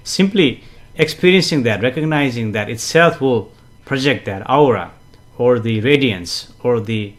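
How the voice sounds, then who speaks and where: A man hosting a casual live stream, greeting viewers and reading their comments, chatty and gently explanatory with frequent fillers and soft chuckles. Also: medium pitch, animated, unhurried, few pauses. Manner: gently explanatory, repeats himself for emphasis. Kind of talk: casual live-stream chat with spiritual teaching.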